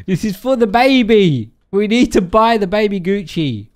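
Man, lively swinging pitch, teasing, laughs a lot, casual game commentary. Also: a little slow, slight background noise. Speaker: gaming host.

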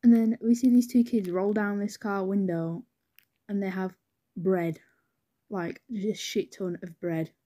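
A woman's voice: mid-range voice, fairly even intonation, unhurried, mellow. A young woman with a British accent, telling a personal story in a rambling, chatty way, swearing freely and saying "anyways" a lot. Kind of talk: casual storytime narration.

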